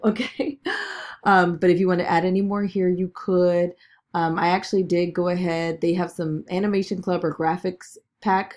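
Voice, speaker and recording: A woman giving a chatty screen-recorded software tutorial, talking through each click with lots of "okay" and "all right". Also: on the low side. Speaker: business video tutor.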